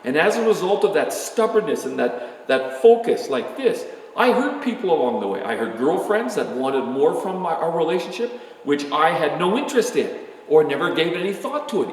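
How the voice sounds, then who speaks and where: Animated older man in an echoey hall. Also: on the high side, moderate pace. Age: 60s. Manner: candid, rambling, self-deprecating storyteller. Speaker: astronomer giving a talk. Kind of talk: informal talk to students.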